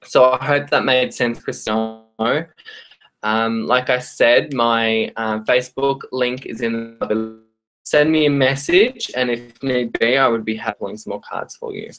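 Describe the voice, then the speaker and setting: An Australian tarot reader giving live-streamed card readings to viewers in a friendly, chatty way, often pausing on ums and restarting phrases. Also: medium pitch, a bit bright.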